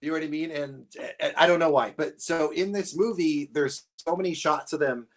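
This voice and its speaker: A man's voice: fairly high pitch, moderate pace. A man as a guest in a casual live-stream chat, rambling and self-deprecating and often trailing off mid-thought.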